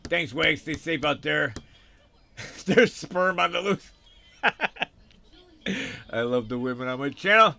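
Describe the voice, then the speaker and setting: A man's voice: a little high, slow pace, gravelly, pauses often, sharp tone. A man hosting his own channel, reading viewer comments aloud and rambling through sarcastic asides with frequent laughs. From United States. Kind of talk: casual rambling livestream commentary.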